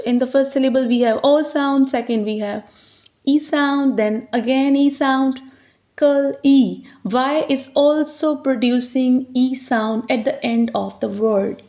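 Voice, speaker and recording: A woman teaching English pronunciation, explaining step by step and slowly sounding out each word. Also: high-pitched, warm tone. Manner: slows down to sound out words clearly. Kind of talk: slow, deliberate teaching explanation. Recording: slightly dull, lo-fi sound.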